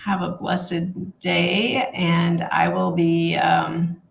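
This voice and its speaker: A woman leading a casual Bible study, talking in a heartfelt, halting way with many fillers and restarts. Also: on the low side, little pitch movement, vocal fry, reverberant, low-quality recording.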